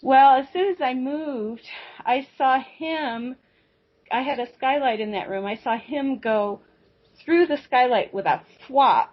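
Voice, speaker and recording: A woman's voice: high-pitched, unhurried. Dull lo-fi woman telling a rambling story. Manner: rambling, animated, with many restarts and asides. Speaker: guest. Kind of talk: personal storytelling on a talk show. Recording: dull lo-fi audio.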